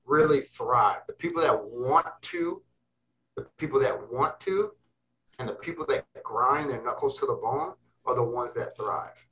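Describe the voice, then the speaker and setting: Intense, profane man, bright and distant. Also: medium pitch. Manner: intense, emphatic, swears freely. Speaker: interview guest. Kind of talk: casual interview talk.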